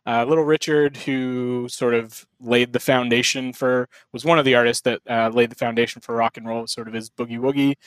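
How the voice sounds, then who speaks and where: A man's voice: mid-range voice, brisk, few pauses, smooth, dry recording. Rambling man hosting a podcast. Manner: relaxed, rambling with many fillers. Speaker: podcast host. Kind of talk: casual podcast chat. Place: hotel room.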